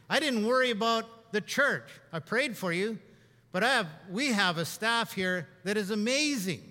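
Middle-aged Canadian pastor, high voice, conversational sermon, reverberant church hall. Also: male voice, animated, normal speed, sharp tone. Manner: conversational preaching, rising for emphasis, often repeating himself. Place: church sanctuary.

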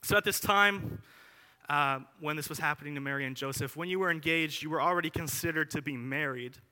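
Bright-voiced young preacher in a reverberant hall. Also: male voice, on the high side, brisk. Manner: animated, chatty, lots of asides and filler words. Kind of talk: casual conversational sermon.

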